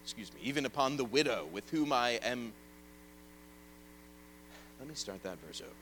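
A man preaching an evening sermon and reading scripture aloud, earnest, rising loud and then dropping soft. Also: medium pitch, lively intonation, moderate pace, long pauses, slight background noise, poor audio.

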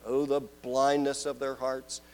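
A man preaching a sermon, moving between loud proclaiming and hushed, drawn-out questions. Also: medium pitch, level tone, rough recording.

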